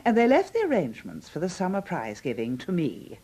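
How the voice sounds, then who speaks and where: A domineering, brusque older aunt in a radio comedy. Her husky, lowish voice swings dramatically up and down as she barks orders and tart insults. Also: wildly swooping pitch, a little fast, warm tone, full character voice. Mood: commanding. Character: bossy, booming older aunt, fond but brusque.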